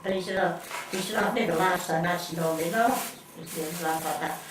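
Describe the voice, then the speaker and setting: An older woman being interviewed tells family stories at a brisk pace, her voice fairly low. Her casual telling rambles with many restarts and plenty of laughter, captured from a distance in an echoey room with faint noise behind it.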